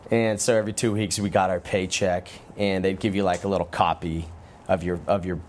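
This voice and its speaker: A man, a former pro football player, telling relaxed, rambling stories as an interview guest, with frequent restarts. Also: sits low, a little fast, a little hiss or hum. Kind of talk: casual interview storytelling.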